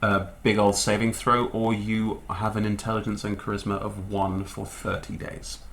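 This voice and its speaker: A man's voice: fairly low pitch, level tone, moderate pace, a bit bright. A British man narrating a tabletop game as game master, explaining rules and setting at length.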